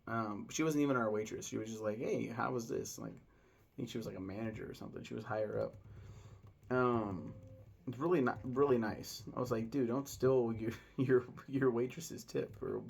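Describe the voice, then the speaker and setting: A man's voice: mid-range voice, creaky. A man in his thirties chatting casually in a vlog, rambling and enthusiastic, with lots of fillers. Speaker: vlogger.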